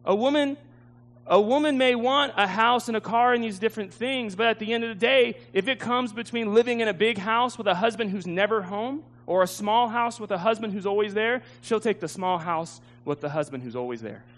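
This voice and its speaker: A man's voice: high voice, fairly quick, fairly bright tone. A man preaching a sermon, telling a story with emotion and laughing at himself. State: tearful at times.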